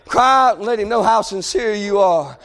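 A male preacher delivers a fervent sermon in folksy, informal phrasing, swinging between shouted pleas and low, quiet passages. He speaks at a normal speed.

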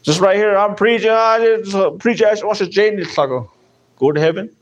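A man preaching a sermon, animated, punctuating his points with repeated calls of "amen". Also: high-pitched, a little fast, muffled recording.

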